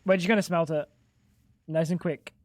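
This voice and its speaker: A man's voice: on the high side, fairly even intonation, normal speed, no room sound. A young man live-streaming a game, chatting casually and bantering with chat while swearing freely.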